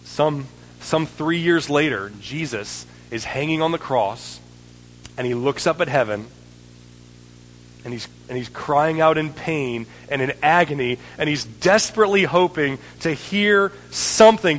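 A man's voice: on the high side, measured pace, a bit bright. Earnest male preacher in a reverberant hall. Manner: earnest, building in intensity, frequent "right?" checks. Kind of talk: sermon.

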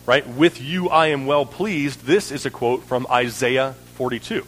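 A man's voice: medium pitch, unhurried, a bit bright, husky, big-room sound, low-quality recording. A man preaching a sermon in an earnest way, building in intensity and often checking in with "right?".

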